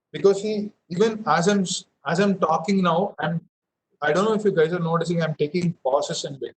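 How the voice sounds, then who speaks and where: Young man coaching, slightly high voice. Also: rough recording. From India. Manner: explanatory, many fillers and restarts, demonstrates emphasis. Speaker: public speaking trainer. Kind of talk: online public speaking session. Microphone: headphones with mic.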